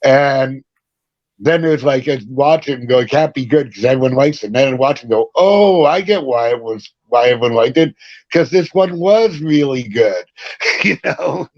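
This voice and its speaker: A man who sings in a punk band, telling lively stories as a guest, acting out quoted voices and laughing often. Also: mid-range voice, moderate pace, no echo, dull audio. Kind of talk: casual interview storytelling.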